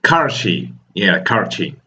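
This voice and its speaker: A man's voice: deep voice, big pitch swings, takes it slowly, sharp tone. A man reading comic dialogue aloud and reacting to it, breaking off with exclamations and laughs. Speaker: manga reaction host.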